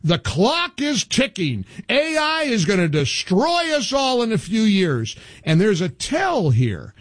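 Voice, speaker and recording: A middle-aged man hosts a political talk radio show, bantering in an emphatic, animated way with frequent restarts. His voice is high and he takes it slowly, on a dry recording.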